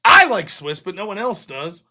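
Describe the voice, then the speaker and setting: A man's voice: high voice, normal speed. A man hosting a live stream, telling a story in a casual, profane monologue and acting out the other people's lines in a raised voice. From United States. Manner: profane, animated, acts out quotes in raised voices.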